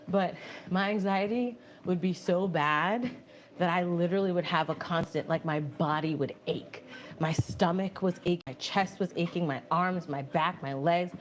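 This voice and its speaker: Female live-streamer, chatty and expressive, walking while talking, slight background noise. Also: medium pitch, a little slow. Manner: animated, laughing, reads viewer messages aloud and answers them. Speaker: livestream host reading chat. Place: home, indoors on a treadmill.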